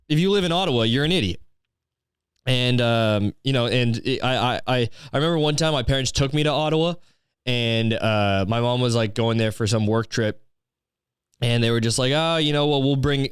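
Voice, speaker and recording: A man's voice: medium pitch, moderate pace, smooth, no echo, studio quality. A young man from Canada, hosting a podcast with a crude, sarcastic, swear-filled comedic rant. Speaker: podcast host.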